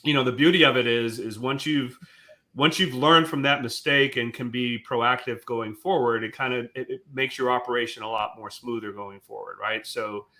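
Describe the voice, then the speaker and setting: A man hosting an interview, explaining at length in a relaxed way with plenty of fillers. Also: medium pitch, moderate pace. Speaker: host. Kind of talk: casual interview chat.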